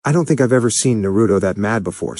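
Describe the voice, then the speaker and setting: A man's voice: on the low side, animated, quick pace, darkish tone, no room sound, studio quality, lightly acted. A man voicing a remorseful young techie. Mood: guilty. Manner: remorseful, downcast. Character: guilt-ridden young male tech friend.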